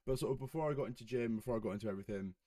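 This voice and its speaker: A man's voice: mid-range voice, very fast, dark tone, no room sound, clean studio sound. A young man from Herefordshire in England, hosting a solo podcast in a casual, jokey way, swearing and laughing often. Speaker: podcast host. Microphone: home recording setup.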